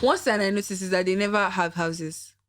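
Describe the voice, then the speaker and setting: A woman's voice: mid-range voice, a little fast, a bit bright, a little hiss or hum. A woman hosting a podcast, casually prodding her guest with teasing questions. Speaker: podcast host. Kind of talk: casual chat.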